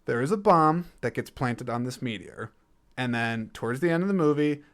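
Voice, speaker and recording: A man's voice: mid-range voice, fairly bright tone. A young man talking casually on his own about a film, rambling and joking, often correcting himself. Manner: rambling, jokey, self-correcting. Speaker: podcast host reviewing films. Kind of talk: casual solo film review podcast.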